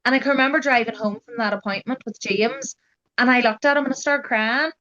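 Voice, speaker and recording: A woman's voice: a little high, a little fast, lo-fi sound, crowd noise. A young adult woman, telling her story as a guest in a casual, chatty way, full of "like" and "you know". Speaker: guest sharing her genetic testing experience.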